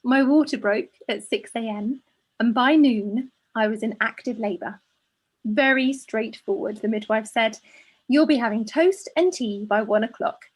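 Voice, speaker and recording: Husky chatty woman host. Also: on the high side, measured pace. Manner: warm, laughing often, chatty. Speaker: podcast co-host. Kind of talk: casual chat, reading a listener letter aloud.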